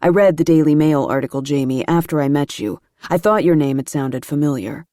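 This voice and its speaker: A woman's voice: sits low, a little fast, warm tone, no room sound, clean studio sound, lightly acted. A woman playing a blunt, pushy young man. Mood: insistent.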